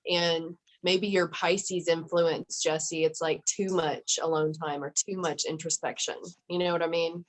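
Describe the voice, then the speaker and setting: A woman's voice: deep voice, flat delivery, a little slow, few pauses, rough recording. A woman in a casual group video chat, talking on and checking in with "you know what I mean?". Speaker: group member.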